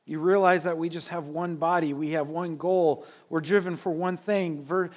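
A man preaching a sermon as pastor, emphatic, swinging between loud urging and quiet asides, often repeating and restarting his words. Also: a little high, fairly even intonation, moderate pace.

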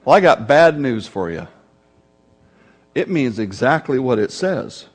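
A man preaching a sermon as pastor, explaining scripture with swings in pace and volume, sometimes dropping into low drawn-out grumbles to illustrate a word. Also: very animated, husky. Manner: expository preaching with sudden shifts in volume and pace.

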